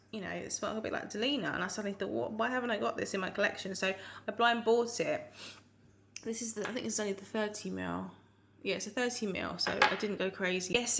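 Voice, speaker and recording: Surrey accent woman rambling about perfumes, bit of vocal fry, mid pitch. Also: sharp tone. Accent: Surrey English. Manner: chatty, rambling, frequent ums and restarts. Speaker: fragrance reviewer. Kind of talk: casual perfume review.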